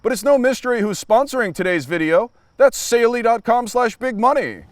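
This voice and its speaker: A male comedy host delivers mocking commentary on clips with a deadpan edge. His voice is high and very animated. He sounds quick and sarcastic. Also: soft background music.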